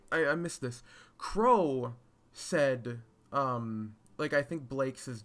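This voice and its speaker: A male video reviewer talks through a show in a casual, scatterbrained ramble, packed with fillers, restarts and offhand swearing. His voice is mid-range and he takes his time.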